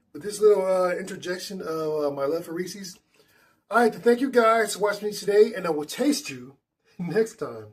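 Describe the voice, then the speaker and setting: A man's voice: high-pitched, slightly rough. A man hosting a casual snack tasting vlog indoors at a table, chatty and enthusiastic with loose restarts. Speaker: food vlogger.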